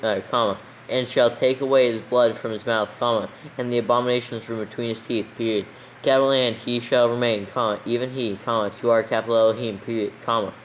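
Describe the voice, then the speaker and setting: A man's voice: mid-range voice, steady tone, fairly quick, a little hiss or hum, poor audio. Man dictating scripture with punctuation. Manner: reads steadily, calling out commas and capitals. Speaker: reader dictating text for proofreading. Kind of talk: slow dictation with punctuation read aloud.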